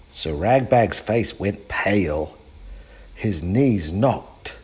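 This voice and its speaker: A man reading a children's storybook aloud in a slow, deliberate, expressive way. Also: fairly low pitch, slightly rough. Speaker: storybook reader.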